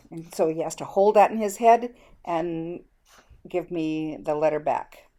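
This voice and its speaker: A middle-aged woman presents a lesson on reading instruction in a low, mellow voice. She explains each step clearly and slips into her classroom prompts as she demonstrates them. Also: a little slow. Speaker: educator presenting a reading method. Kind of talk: teaching presentation.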